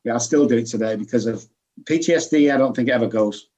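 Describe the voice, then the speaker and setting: A man's voice: mid-range voice, fast talker, warm tone, breathy edge, dull audio. A man, a guest in an interview, explaining alcohol recovery earnestly and acting out quoted voices. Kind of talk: conversational interview.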